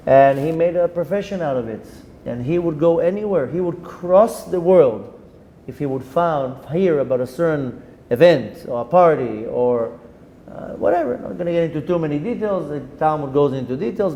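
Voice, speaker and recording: A man, a rabbi giving a Torah lesson, telling a story with animated delivery, dropping in Hebrew terms and restarting his sentences. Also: a little high, muffled recording. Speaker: rabbi teaching a Torah class.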